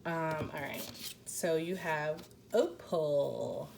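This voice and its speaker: A woman's voice: low voice, extremely slow, creaky, darkish tone, slight background noise. A woman giving a casual intuitive card reading, rambling and tentative, saying "like" often. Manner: rambling, heavy use of "like", tentative. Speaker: tarot card reader.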